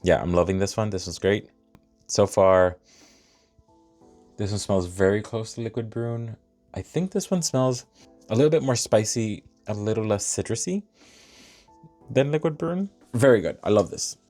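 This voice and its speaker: Deep-voiced man reviewing fragrances. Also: normal speed, long pauses, soft background music. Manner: animated, thinks aloud, many fillers and restarts. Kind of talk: casual unboxing chat.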